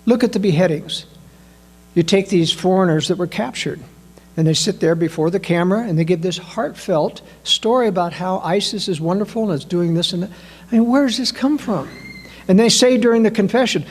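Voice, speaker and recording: A man giving a political analysis talk, emphatic and full of rhetorical questions, addressing listeners as ladies and gentlemen. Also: sits high, lively intonation, brisk. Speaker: political commentator.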